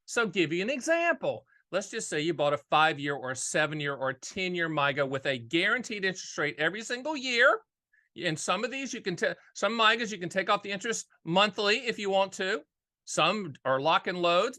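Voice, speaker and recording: A middle-aged man explains annuities in a casual, folksy, straight-talk style. His voice is high for a man, bright and punchy. He hammers points home by repeating phrases. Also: lively intonation, a little fast. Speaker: annuity agent and show host.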